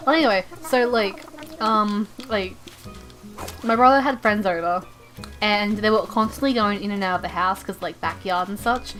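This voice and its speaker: A young woman streaming a game, chatting casually in an excitable, rambling way, often stammering and repeating herself. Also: medium pitch, moderate pace, soft background music. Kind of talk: casual live-stream chat while gaming.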